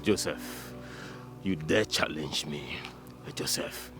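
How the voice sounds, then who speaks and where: An actor with a Nigerian accent playing a domineering older brother who threatens in English and Igbo. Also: male voice, extremely low pitch, slow, fairly bright tone, soft background music, full character voice. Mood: menacing. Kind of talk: Nollywood film acting.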